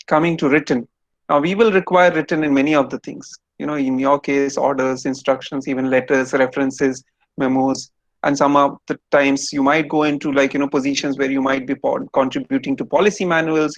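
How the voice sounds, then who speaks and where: A man's voice: fairly high pitch, no echo, dull audio. A man giving an online lecture to students over a video call, explaining step by step and quizzing them.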